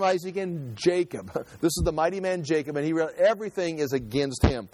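Man with a fairly high voice teaching scripture. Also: animated, a little fast, a little mellow, dry recording. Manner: conversational, reads scripture then explains it in his own words; frequent restarts and repeated words. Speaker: Bible teacher. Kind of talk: verse-by-verse Bible teaching.

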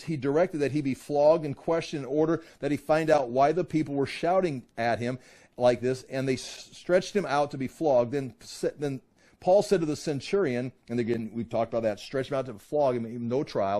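A man teaching from the Bible, reading verses aloud and then explaining them casually, voicing the crowd in loud bursts. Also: medium pitch, a little fast.

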